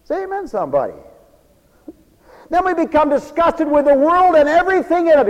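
A man preaches in a high, ringing voice, folksy and emphatic, dropping to a hush and then rising to a shout. The long reverb of a church hall trails behind every word. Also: wildly swooping pitch, fairly quick. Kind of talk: fiery sermon.

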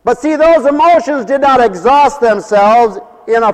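A man preaching a sermon, swinging between raised declarations and low, quiet asides, sometimes acting out what people say. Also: moderate pace, few pauses, big-room sound. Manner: mimics people in dialogue.

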